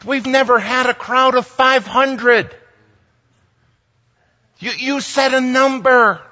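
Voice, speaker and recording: A man giving a sermon as a story, animated, humorous and conversational. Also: very high-pitched, slow pace. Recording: dull sound, long hall reverb.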